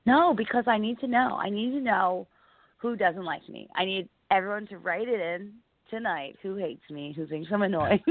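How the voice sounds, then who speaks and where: A woman's voice: mid-range voice, normal speed, no room sound. A woman comedian from Delaware County, Pennsylvania, telling stories in a casual radio interview and acting out other people's voices as she talks. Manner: animated, acts out quoted voices, frequent "like". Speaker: comedian guest. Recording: dry, phone-like narrow sound.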